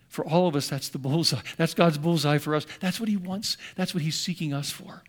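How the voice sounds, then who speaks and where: An older man who is a pastor, preaching a sermon in an earnest storytelling manner that shifts between hushed and emphatic. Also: fairly high pitch, moderate pace, husky.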